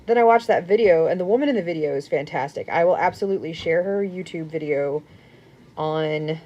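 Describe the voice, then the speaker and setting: A young woman chats casually at home during a crochet live stream, rambling, laughing a lot, and now and then dropping into a soft murmur. Her voice sits low, moves a little fast, and the highs are cut off.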